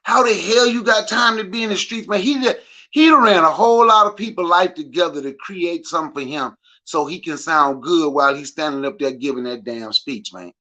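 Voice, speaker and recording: A man's voice: a little high, a little fast, pushed and bright, low-quality recording. A man co-hosting a podcast livestream, reacting to a clip with incredulous, mocking commentary. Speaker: podcast co-host.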